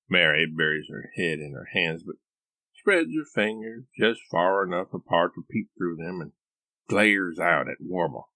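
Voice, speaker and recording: Low-voiced wry male storyteller. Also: lively intonation, a little slow, pushed and bright, no echo. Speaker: author reading his book. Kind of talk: scripted narration of a comic story.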